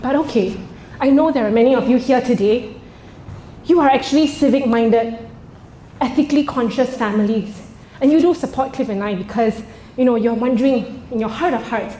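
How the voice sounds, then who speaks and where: A high-voiced woman works a live crowd from the stage, telling her stand-up material with theatrical swings into sudden, loud outbursts. Her voice rings around a roomy space, with faint ambience beneath it. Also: normal speed, a little hiss or hum. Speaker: stand-up comedian. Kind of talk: stand-up comedy. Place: stage before a live audience.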